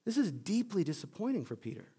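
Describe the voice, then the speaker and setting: A man pastor giving a conversational sermon, telling the story in an animated way. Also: sits high, fast, husky.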